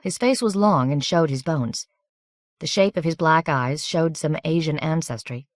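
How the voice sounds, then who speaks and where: A woman narrating an audiobook in an even, measured, scripted reading on a close studio microphone. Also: sits low, no room sound.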